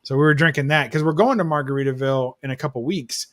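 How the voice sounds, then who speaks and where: A man's voice: medium pitch, quick pace. A man on a video call hangout, chatting casually and rambling through a story with fillers. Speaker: panel guest. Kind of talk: casual chat.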